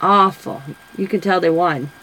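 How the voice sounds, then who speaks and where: A woman's voice: on the low side, unhurried, a bit bright, low-quality recording. A woman, telling rambling stories in casual chat while coloring for her craft vlog. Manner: rambling, chatty storyteller. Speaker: craft vlogger.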